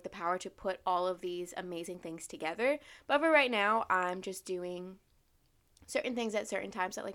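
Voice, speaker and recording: A woman's voice: mid-range voice, fairly bright tone. A young woman in her twenties vlogging in a candid, rambling way, swearing freely and poking fun at herself. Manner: candid, swears freely, self-mocking, lots of "like". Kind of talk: casual rambling monologue.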